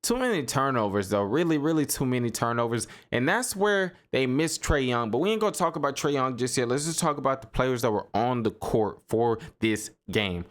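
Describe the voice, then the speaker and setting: A young man talking hoops on his own podcast, loose and excitable, circling back on his points and laughing in disbelief. His voice sits at an everyday middle pitch. The talk is easygoing and conversational. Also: a little fast, hardly any pauses. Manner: animated, repeats himself, laughs and riffs in disbelief. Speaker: sports podcast host. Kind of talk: casual solo sports commentary.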